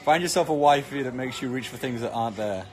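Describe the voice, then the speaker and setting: A man's voice: medium pitch, quick pace, a little mellow, faint music behind. A British man chatting casually on a live stream, reading comments with cheeky, joking banter. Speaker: actor streaming live to fans.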